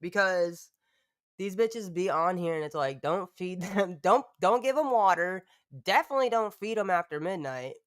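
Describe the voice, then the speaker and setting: A woman's voice: lowish voice, lively intonation, normal speed, no room sound, studio quality. A woman hosting a live stream in loose, rambling chat, swearing freely and laughing often.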